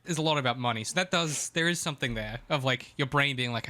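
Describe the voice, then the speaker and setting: A man's voice: medium pitch, quick pace, bright, forceful tone. A man co-hosting a podcast in casual chat, chatty and profane with frequent ums. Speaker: podcast co-host.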